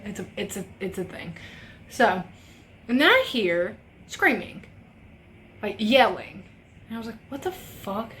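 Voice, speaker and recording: A woman's voice: mid-range voice, a bit bright, a little hiss or hum. A young woman chatting while doing a makeup tutorial, telling a rambling story with lots of swearing. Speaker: beauty vlogger. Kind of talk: casual makeup tutorial chat.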